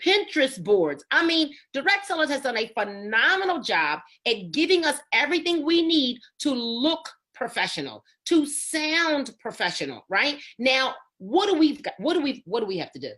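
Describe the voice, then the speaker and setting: A woman's voice: high voice, very animated, normal speed, hardly any pauses, a bit bright. A woman leading a motivational sales training on a video call, emphatic, keeps asking "right?" and calls on listeners by name.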